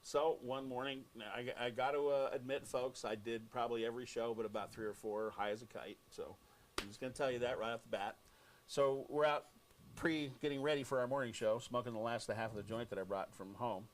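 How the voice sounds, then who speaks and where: A man with an American accent, a radio host telling an animated story on air and acting out quoted lines. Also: mid-range voice, fairly quick, slight background noise.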